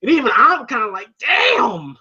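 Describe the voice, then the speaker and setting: Brief: a chatty reviewer, loose and giggly, with a bright voice on a slightly dull recording. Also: medium pitch, unhurried. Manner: rambling, laughs often, many fillers. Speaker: movie reviewer. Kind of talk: casual movie review retelling a scene.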